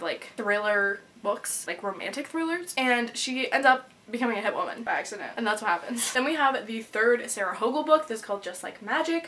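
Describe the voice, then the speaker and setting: A young woman in her twenties talks casually, gushing and bubbly, with plenty of "like" fillers. She speaks quickly, in a fairly high voice with a bright edge. Her tone stays eager and chatty throughout. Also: a little hiss or hum. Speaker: book vlogger. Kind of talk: casual chat.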